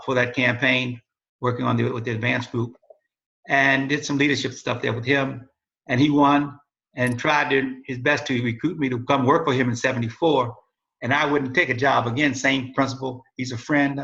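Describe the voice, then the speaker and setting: Older man, gravelly and bright-toned, rambling storyteller, dull lo-fi recording. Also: mid-range voice. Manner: rambling, self-correcting storyteller. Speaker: interview guest, father of host. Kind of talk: casual storytelling interview.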